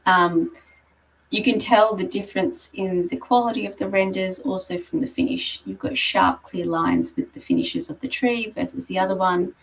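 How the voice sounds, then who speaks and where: A woman's voice: mid-range voice, big pitch swings, moderate pace, far from the mic, low-quality recording. A woman giving a conversational presentation on property marketing, explaining slides with frequent ums. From Australia. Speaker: guest speaker on property marketing.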